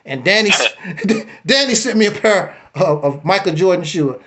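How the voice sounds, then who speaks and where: Man, bright, tense voice, casual storytelling, blunt, animated. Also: high voice, moderate pace. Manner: animated, repeats himself, laughs while telling; blunt and challenging in argument. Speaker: guest telling his life story. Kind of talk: casual storytelling on a live stream.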